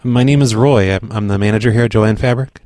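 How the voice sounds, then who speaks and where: A man making a prank phone call, pushy, rude and deadpan. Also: fairly low pitch, a little fast, no room sound, clean studio sound. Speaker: prank caller.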